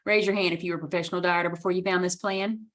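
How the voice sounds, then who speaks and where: A woman's voice: lowish voice, steady tone, very fast, fairly bright tone. Reassuring chatty woman coach. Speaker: guest speaker, coach. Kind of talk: casual motivational talk on a video call.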